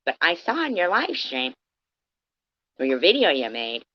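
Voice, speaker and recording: A woman's voice: lowish voice, huge pitch swings, normal speed. Defensive woman on a muffled stream. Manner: defensive, explaining herself. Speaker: livestreamer. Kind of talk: heated livestream argument.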